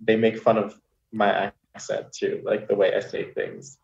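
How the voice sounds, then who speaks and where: A man's voice: fairly low pitch, wildly swooping pitch, a little slow, creaky, darkish tone. A man with an Israeli accent, a Hebrew speaker, chatting casually as a guest, blunt and exasperated, swearing often. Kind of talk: casual chat. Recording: dull, roomy sound.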